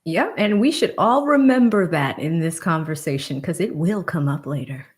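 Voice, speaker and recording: A woman co-hosting a casual legal discussion, calmly reading case dates and facts. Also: low voice, normal speed. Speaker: co-host.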